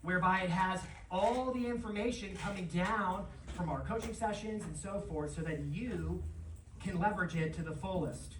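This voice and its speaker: Energetic presenter in an echoey hall. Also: mid-range voice, slight background noise. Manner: energetic, animated, quick to address the crowd. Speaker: conference presenter. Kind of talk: live seminar talk with audience interaction. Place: large conference room, on stage. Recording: echoey hall, voice from far off, faint ambience.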